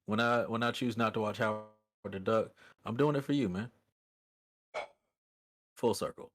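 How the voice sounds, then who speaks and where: A man's voice: lowish voice, normal speed, a bit bright. A man co-hosting a casual podcast from his laptop, easygoing and wry in his banter. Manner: laid-back, easygoing, wry. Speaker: podcast co-host. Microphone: built-in laptop mic.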